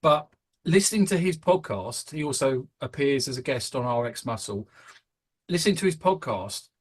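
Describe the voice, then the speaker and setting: A man's voice: medium pitch, lively intonation, normal speed, husky. A British man hosting a casual podcast, rambling with plenty of ums and restarts. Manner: rambling, hesitant, many fillers. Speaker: podcast host.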